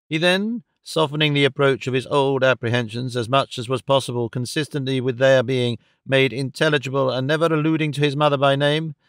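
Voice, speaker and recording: A man narrating a classic novel as an audiobook, in a measured, steady storytelling manner. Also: mid-range voice, clear, resonant tone, no room sound, studio quality.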